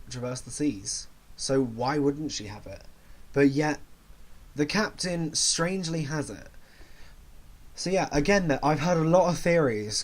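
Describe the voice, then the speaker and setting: A man giving a casual, rambling movie review, often correcting himself mid-sentence. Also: medium pitch. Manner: rambling, self-correcting, chatty.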